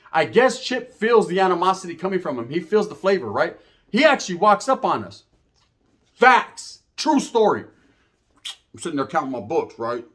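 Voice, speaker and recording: A man's voice: fairly high pitch, fairly bright tone. A man casually telling a story from his youth, full of street slang and profanity, acting out the voices of the people he quotes.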